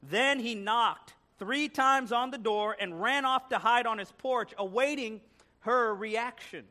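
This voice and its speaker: Male guest preacher, high, bright, lively storyteller in church. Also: a little slow. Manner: animated storytelling with joking asides. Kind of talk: sermon. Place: church sanctuary.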